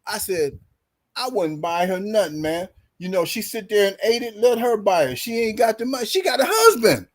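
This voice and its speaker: A man's voice: high voice, moderate pace. A man on a podcast telling a workplace story in casual chat, acting out the quoted dialogue with bursts of laughter. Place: podcast studio.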